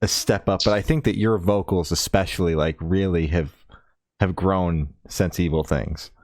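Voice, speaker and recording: A podcast host chatting casually with a guest. His voice is low. He sounds eager and swears freely. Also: fairly even intonation, moderate pace, a little mellow. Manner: enthusiastic and profane. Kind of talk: casual interview chat.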